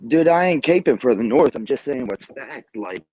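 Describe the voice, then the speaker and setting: A man's voice: medium pitch, expressive, moderate pace, darkish tone, low-quality recording. Caller: man, mid-range voice, lecturing, filler-heavy, argumentative. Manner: lecturing, many fillers and restarts. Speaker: caller on a livestream. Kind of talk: casual argumentative chat.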